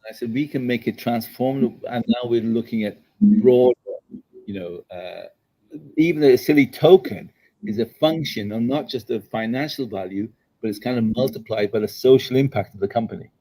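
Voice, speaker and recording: An older entrepreneur, interviewed as a guest at his daughter's house, tells stories emphatically and keeps checking in with "okay?" and "all right?". His mid-range voice has a dark tone at a normal speed, on a rough recording.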